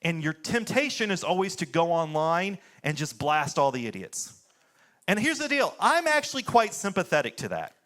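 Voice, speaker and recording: A man's voice: high voice, fairly bright tone. An American pastor in his thirties preaching a sermon in a conversational way, often saying "like" and landing blunt points. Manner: conversational preaching, fillers like "like", swings into blunt punchlines.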